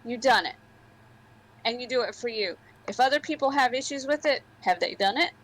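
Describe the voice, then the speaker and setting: Wry, higher-voiced woman co-host. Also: lively intonation, brisk, a bit bright, low-quality recording. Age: 40s. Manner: wry, supportive. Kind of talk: casual chat.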